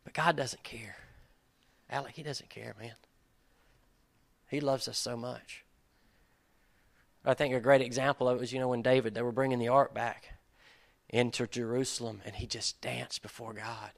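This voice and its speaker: A man leads a casual sermon in an earnest, conversational voice with a gravelly, slightly fried texture. His pitch sits in an ordinary middle range. He talks plainly to his listeners and now and then builds to emphatic peaks. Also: flat delivery, moderate pace, pauses often. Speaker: pastor or Bible study leader. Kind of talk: informal sermon.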